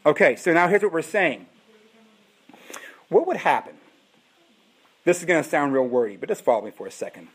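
A man's voice: on the high side, very animated, moderate pace, pauses often, husky. A man preaching a sermon, pleading and impassioned, repeating his calls again and again. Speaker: pastor.

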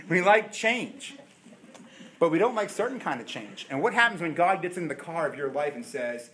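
A man in his forties preaching a sermon, telling stories with animated voices and quick asides. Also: fairly high pitch, background noise. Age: 40s. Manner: animated storytelling, acting out voices. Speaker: pastor.

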